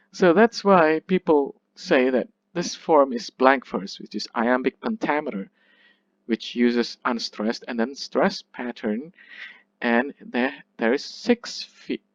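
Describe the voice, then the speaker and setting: Speaking slowly, a male literature instructor patiently explains his material in a recorded lecture, frequently checking on his audience and stumbling into restarts and self-corrections. His voice is medium-pitched, and the lo-fi recording has no echo.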